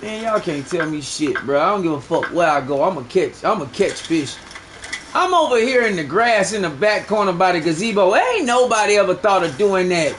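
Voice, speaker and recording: A man's voice: high-pitched, lively intonation, normal speed, fairly bright tone, slight background noise, rough recording. A young man streaming a fishing game, bragging and swearing in loose slang as he talks to his chat. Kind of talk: live gameplay commentary.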